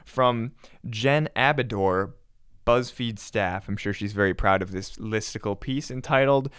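Very deep-voiced woman, smooth and dry. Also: no echo. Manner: wry, quick to laugh, steers the show. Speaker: podcast co-host. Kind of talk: comedic podcast banter.

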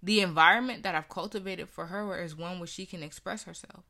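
Young woman, bright and forceful tone, candid conversational storytelling, earnest. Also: lowish voice, fairly quick. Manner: earnest, conversational, acts out quoted voices.

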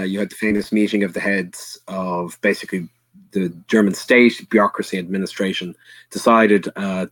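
An Irish man talks history on a podcast in a low, dry voice. He speaks with earnest bluntness, stops and restarts a lot, and swears now and then. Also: dry recording. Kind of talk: casual history discussion.

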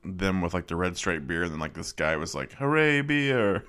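A man with a low, deep voice chats in a laid-back way on a movie podcast. He talks loosely and fills his sentences with "like". His tone stays easygoing. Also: brisk. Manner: relaxed, uses lots of "like" fillers. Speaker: podcast co-host. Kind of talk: casual movie podcast chat.

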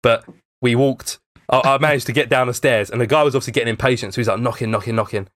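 A young man tells a long story in casual podcast chat, rambling and full of fillers and swear words. His voice is mid-pitched and sits in a dry, close recording. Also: steady tone, fast talker, fairly bright tone, no room sound.

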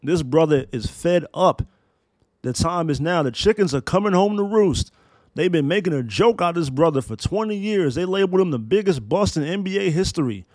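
A man's voice: a little high, lively intonation, a little fast, a little mellow, no echo. A man in his thirties hosting a solo podcast, talking in emphatic, profane, preacher-like build-ups. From Maryland, US. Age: 30s. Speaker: podcast host.

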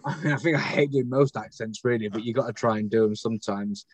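A Northern English man chatting as a podcast guest, rambling along with plenty of ums and self-deprecating asides. His voice sits at an ordinary middle pitch. The recording is close and dry, with no room sound. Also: fast, no echo. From Northern England. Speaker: guest, actor and poet. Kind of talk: casual podcast interview.

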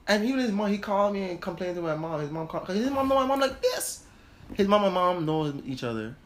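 A man telling a heated personal story in casual chat, animated, laughing and swearing as he goes. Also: high voice, quick pace. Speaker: host.

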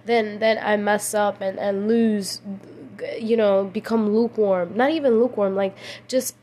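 A woman's voice: medium pitch, steady tone, a little slow, darkish tone, slight background noise. A young woman hosting a casual faith podcast late at night, tired and emotional, rambling with slang and many restarts. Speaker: podcast host.

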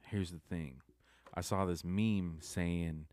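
A man's voice: deep voice, steady tone, takes it slowly, darkish tone, no room sound, studio quality. A young adult man giving a subdued, rambling confessional monologue that halts and restarts often. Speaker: vlogger.

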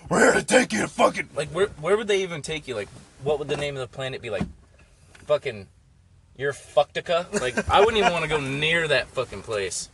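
A man's voice: fairly high pitch, very animated, fairly quick, a crowd in the background. A young man telling stories in a casual, profane, rambling way, full of "like". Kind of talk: casual storytelling chat. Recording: faint background noise.

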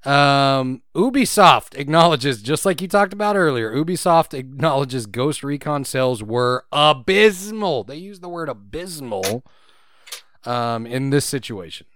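A man's voice: medium pitch, expressive, unhurried, fairly bright tone, no echo. A man co-hosting a video game podcast, reading news items between jokes and laughing often, repeating his own phrases. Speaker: podcast co-host.

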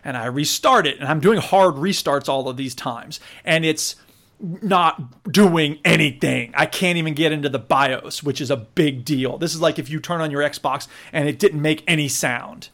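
A young man hosting a podcast, telling a long story in a casual, animated way and acting out the people he quotes. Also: on the high side, moderate pace. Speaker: podcast host.

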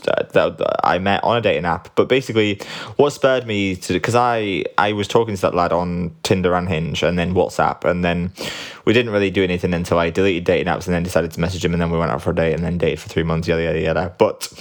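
A man hosting a podcast from home at night, sleepy and relaxed, rambling candidly and swearing casually. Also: sits low, fast talker. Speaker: podcast host. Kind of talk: casual solo podcast chat.

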